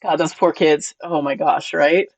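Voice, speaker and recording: A streamer casually chatting with viewers, playful and quick to laugh. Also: medium pitch, fairly even intonation, no echo.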